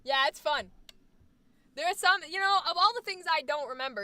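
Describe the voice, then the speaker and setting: A woman streamer in casual chat, animated and profane, swinging between loud and soft. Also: high voice, moderate pace. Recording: dry sound, voice a bit far from the mic.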